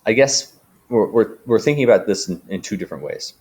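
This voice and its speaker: A man teaching a writing lesson in a relaxed way, with frequent ums and restarts. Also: lowish voice, a little fast, husky. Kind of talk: casual explanatory lesson.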